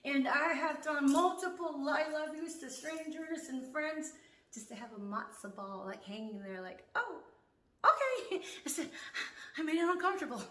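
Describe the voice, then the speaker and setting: A woman's voice: high-pitched, moderate pace, a bit bright, echoey room. A woman in a casual monologue, laughing often, swearing freely and dropping into whispers.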